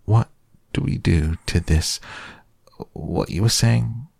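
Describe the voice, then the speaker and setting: A man voicing a gentle, humble, simple-minded male bear in a storybook reading. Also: on the low side, vocal fry, slightly rough, no echo, studio quality, voice pushed up, exaggerated voice. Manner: humble, slow, dreamy.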